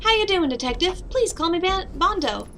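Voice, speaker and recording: A woman's voice: very high voice, sing-song, normal speed, bright, forceful tone, a little hiss or hum, voice pushed up, full character voice. A woman voicing a friendly, talkative male police officer with a folksy drawl in a game, over background music. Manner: drawling, uses y'all.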